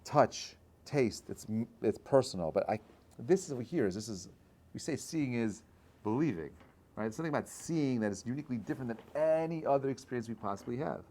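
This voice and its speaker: A rabbi speaks to his class in a lively, conversational way, tossing in quick checks to his listeners. He is a man with a mid-pitched voice, and his talk keeps swelling into loud, emphatic stretches. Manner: conversational, checks in with frequent "right?"; animated, builds to loud bursts. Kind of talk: informal Torah class talk.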